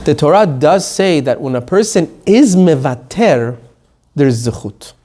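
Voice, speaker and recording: A rabbi giving an animated Torah lesson, reading quotes and explaining them in plain English. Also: male voice, fairly high pitch, measured pace, slight background noise.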